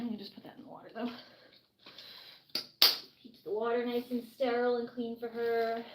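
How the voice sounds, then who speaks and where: A woman's voice: fairly high pitch, heavy background noise. A woman chatting through caring for an injured bird, coaxing and soothing it as she goes. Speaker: animal caretaker. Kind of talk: casual vlog narration. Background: dog barking.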